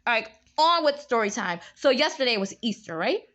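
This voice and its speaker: A young woman telling a story in a casual vlog, animated, jumping up high for quoted lines, recorded on a phone. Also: a little fast. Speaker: vlogger. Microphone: phone camera.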